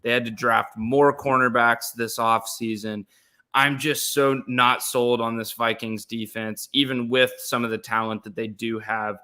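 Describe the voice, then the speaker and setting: A man's voice: medium pitch, level tone, a little slow, pushed and bright, smooth. A young man co-hosting a casual sports podcast, opinionated and emphatic, repeating words for stress. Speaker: podcast co-host.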